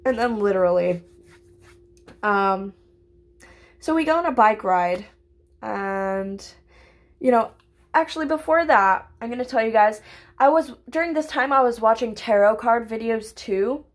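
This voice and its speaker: A young woman telling a casual storytime to her viewers, chatty and full of "like" and "literally", swearing freely and breaking into excited squeals. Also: fairly high pitch, unhurried, pauses often. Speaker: vlogger.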